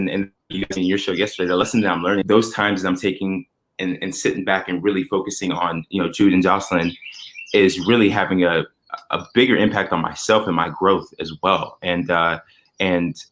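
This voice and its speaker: A man's voice: low voice, fairly bright tone. A man in his thirties, a father and podcast guest, talking earnestly and reflectively, often restarting his sentences. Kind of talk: conversational interview.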